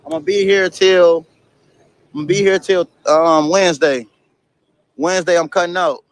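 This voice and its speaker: A man's voice: high-pitched, steady tone, moderate pace, no room sound, poor audio. A man vlogging as he walks around a street outdoors, chatting casually with passers-by and swearing now and then. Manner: laid-back, swears, chats with passers-by. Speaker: travel vlogger.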